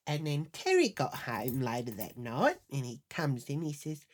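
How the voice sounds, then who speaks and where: A woman's voice: rumbling low, very animated, normal speed. A woman hosting a podcast, telling a crude comic story with lots of swearing and indignation. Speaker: podcast host. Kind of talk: comedic storytelling monologue.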